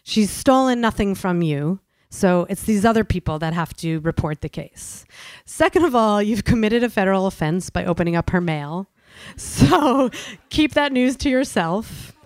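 A blunt, matter-of-fact lawyer ticks off his advice point by point, as a woman storyteller quotes him. The voice is clear and smooth, lifted a little above her usual talk, and recorded close and dry. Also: mid-range voice, animated, moderate pace, darkish tone, no room sound, lightly acted. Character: brisk, blunt male lawyer giving advice.

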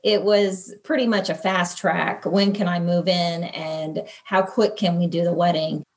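A woman's voice: fairly low pitch, fairly even intonation, a little slow. A woman in an interview, earnestly and emotionally recalling events from her own life. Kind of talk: personal recollection in an interview.

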